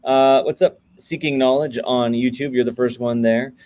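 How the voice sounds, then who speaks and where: A man's voice: mid-range voice, fairly even intonation, moderate pace, a little mellow. Chatty man hosting a coding livestream. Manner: greets viewers by name, loose and chatty. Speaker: livestream host, coding coach. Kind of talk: casual livestream chat.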